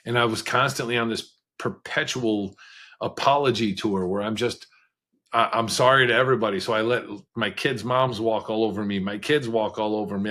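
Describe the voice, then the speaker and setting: A man speaking as a podcast guest, telling his story in a frank, conversational way with quick bursts of speech and occasional laughs. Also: lowish voice, a bit bright. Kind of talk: candid storytelling interview.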